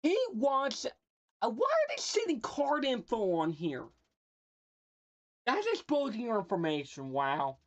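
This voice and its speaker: A woman's voice: fairly high pitch, wildly swooping pitch, a little slow, pauses often. A woman livestreaming, casually roasting people with playful mock insults and laughing at her own jokes while talking to chat. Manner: talks to chat and a friend off-mic.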